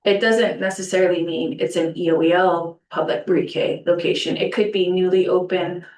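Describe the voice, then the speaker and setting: A woman's voice: lowish voice, fairly even intonation, normal speed, darkish tone. A woman board member at a public meeting, reasoning aloud and asking questions with frequent fillers. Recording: echoey room, distant mic.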